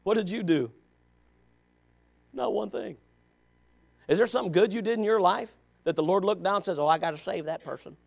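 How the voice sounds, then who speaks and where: A Baptist pastor preaching a fervent sermon, swinging between quiet asides and shouts. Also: male voice, high voice, fairly quick, vocal fry, long pauses.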